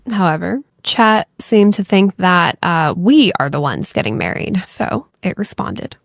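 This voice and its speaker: A woman's voice: lowish voice, expressive, a little slow, gravelly, hardly any pauses, no echo, clean studio sound. A young woman hosting a podcast, telling a story in a loose, chatty way full of fillers and the odd swear word. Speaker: podcast host. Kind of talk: casual storytelling chat.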